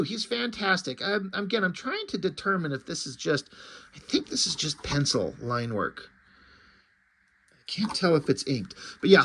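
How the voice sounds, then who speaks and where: Man, comic book reviewer, casual rambling recap, fairly high-pitched voice. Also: fairly bright tone. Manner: rambling, with frequent ums and restarts.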